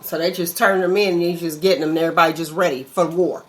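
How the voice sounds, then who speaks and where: A woman hosting a casual interview, asking quick conversational follow-up questions. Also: on the low side, fairly even intonation, poor audio. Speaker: talk show host.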